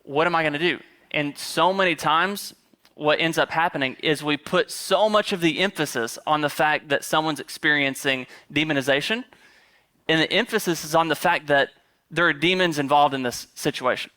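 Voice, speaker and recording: A man's voice: a little high, moderate pace, bright, forceful tone. A male pastor giving a chatty, conversational sermon with humorous asides and plenty of fillers.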